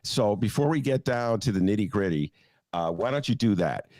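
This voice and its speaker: A man's voice: on the low side, animated, moderate pace, a little mellow, no room sound, studio quality. A man hosting a casual interview show, joking and teasing his guest. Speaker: radio show host.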